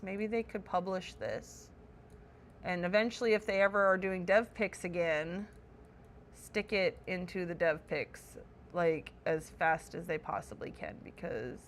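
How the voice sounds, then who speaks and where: Woman streamer, average pitch, casual and chatty, with light background noise. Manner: chatty, self-correcting, wonder-struck. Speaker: streamer touring a game house. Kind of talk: casual live-stream commentary.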